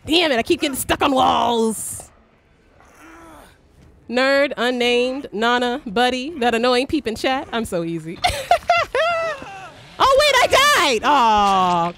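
A young woman giving excitable live commentary while playing a game, swearing, cheering on teammates and shrieking when chased. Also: a little high, slow, background noise. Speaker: streamer.

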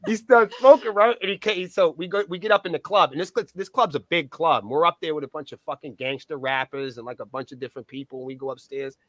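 Man in his own voice, a raised-pitch, bright storyteller with a foul mouth, recorded close and dry; acts out every exchange. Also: fast talker, hardly any pauses, no echo. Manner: profane, animated storyteller acting out dialogue. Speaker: band's point of contact. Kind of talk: casual anecdote-telling in a podcast interview.

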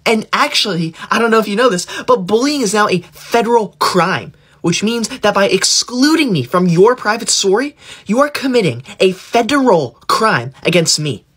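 This comedy sketch features a man doing a full character voice, high, animated, and a bit bright with a breathy edge. He plays a bossy teacher's pet who moralizes at other kids, whines preachily, and readily threatens to tell the teacher.

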